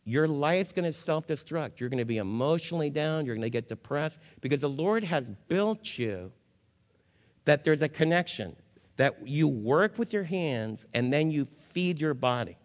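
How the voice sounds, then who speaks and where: A male pastor preaching a sermon, firing rhetorical questions at the congregation and swinging from loud emphasis to low, somber warnings. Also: expressive, moderate pace. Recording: long hall reverb.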